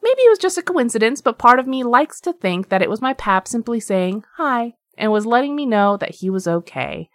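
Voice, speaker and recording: A woman's voice: fairly high pitch, big pitch swings, brisk, few pauses, no echo, studio quality. A woman co-hosting a podcast, reading listener stories aloud with chatty asides and frequent laughs. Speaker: podcast co-host.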